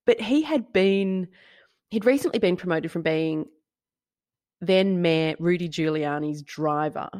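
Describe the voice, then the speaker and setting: A woman, talking in a casual, animated way as she co-hosts a podcast. Her voice sits fairly low, and she keeps the chat light with jokes, laughter and the odd swear word. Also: unhurried, no room sound, clean studio sound. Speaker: podcast co-host. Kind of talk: casual true-crime chat.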